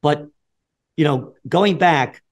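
A man in his seventies from the Bronx with a New York accent, a guest in a podcast interview, talking bluntly and profanely, dropping low then getting loud. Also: takes it slowly. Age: 70s. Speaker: guest, trend forecaster.

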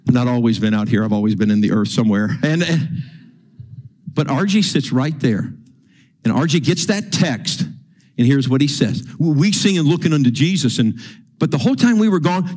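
A husky-voiced man preaching. His voice swings widely up and down and sits a little high for a man. He stammers and repeats words as he acts out little scenes from church life. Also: normal speed. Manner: animated preaching, repeating words, acting out quotes. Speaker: pastor. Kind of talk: sermon. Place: church sanctuary.

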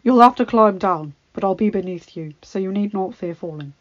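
A woman voicing a calm, gentle male beast prince who speaks softly and evenly. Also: medium pitch, normal speed, dry recording, lightly acted. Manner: calm, soft-spoken. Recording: dull lo-fi, dry.

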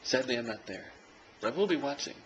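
A young man filming himself at home as he watches a football game, chatting and cheering loudly. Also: mid-range voice, lively intonation, fast. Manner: swings from quiet chat to loud cheering shouts. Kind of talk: casual vlog, reacting to live football. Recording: noisy home video recording.

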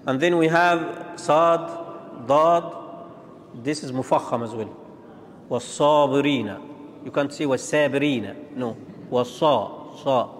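A man teaching Quran pronunciation, demonstrating and contrasting letter sounds in a halting, repetitive way. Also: on the high side. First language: Arabic. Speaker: tajweed teacher. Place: large mosque hall. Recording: long reverb of a large hall.

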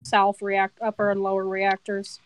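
A young woman chatting during an online game, playful and quick to question the others. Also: medium pitch, completely flat delivery, no echo. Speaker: gaming channel host. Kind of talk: casual gameplay chat.

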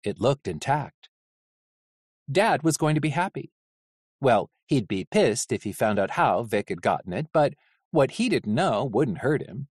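An audiobook narrator reading a novel in an expressive, animated way. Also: mid-range voice, a little slow, breathy edge, dry recording, studio quality.

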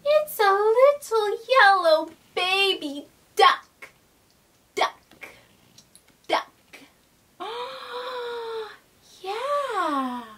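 A young woman hosting a toddler learning video, talking in a slow, exaggerated, sing-song way. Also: high-pitched, fairly bright tone, recorded from a distance. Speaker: children's educational host. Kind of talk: teaching toddlers.

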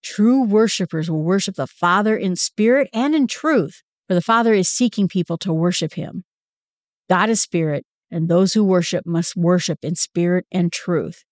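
A woman's voice: on the low side, moderate pace, a little mellow, no room sound, clean studio sound, natural voice. A woman voicing an earnest, authoritative teacher. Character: calm, authoritative man as a teacher.

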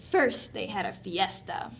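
A woman reading a children's picture book aloud with expressive storytelling. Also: mid-range voice, a little slow, creaky, background noise. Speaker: reader.

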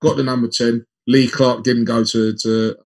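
Husky-voiced man telling stories. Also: medium pitch, moderate pace. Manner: animated anecdotes acting out quoted dialogue. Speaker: former professional footballer, guest. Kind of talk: conversational storytelling in an interview.

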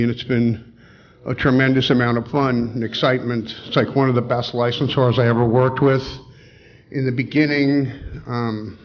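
A man's voice: mid-range voice, highs cut off, slight background noise. A man giving a casual seminar talk as a guest speaker, rambling with many restarts. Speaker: guest speaker, pinball designer.

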